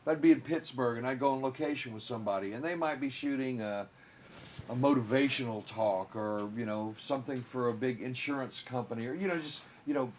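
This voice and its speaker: An older man answers interview questions in a rambling, halting way, circling back on his words. A faint noise sits under the recording. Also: medium pitch. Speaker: filmmaker guest.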